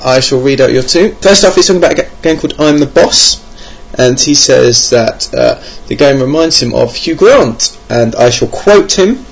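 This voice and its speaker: Male podcast host, young, gravelly and husky, rambling self-mocking chat. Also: mid-range voice, expressive, moderate pace, few pauses. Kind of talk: casual podcast monologue. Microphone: home computer mic.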